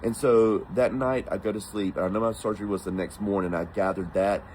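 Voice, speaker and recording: A man from the United States tells a personal story in a relaxed, animated way. He slips into the voices of the people he quotes. His voice sits on the low side. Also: brisk, slight background noise, low-quality recording.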